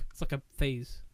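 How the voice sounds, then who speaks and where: A young man co-hosting a podcast, chatting casually in a rambling, self-mocking way. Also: a little hiss or hum. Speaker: podcast co-host. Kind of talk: casual chat.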